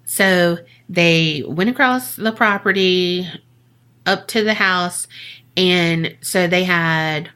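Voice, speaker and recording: A woman chats through a spooky tale on a podcast in a bright, forward voice. She takes her time, peppers the story with profanity and jokes, and leaps up in pitch when she plays the people in it. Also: slow pace, clean tone. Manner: chatty, profane, jokey asides; acts out quoted voices with big pitch jumps. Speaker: podcast co-host. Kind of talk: casual storytelling.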